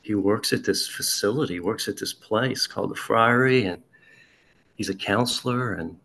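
Gravelly low-voiced man telling his story. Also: fairly bright tone. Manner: halting storytelling with many restarts and asides. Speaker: speaker sharing a recovery story. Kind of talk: personal testimony.

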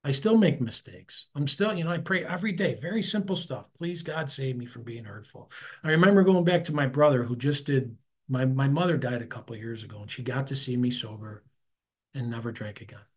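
A man speaks at a recovery meeting. He talks candidly and conversationally, with self-deprecating asides. His voice often trails off quietly at the ends of thoughts. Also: medium pitch, fairly quick. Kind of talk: personal recovery share.

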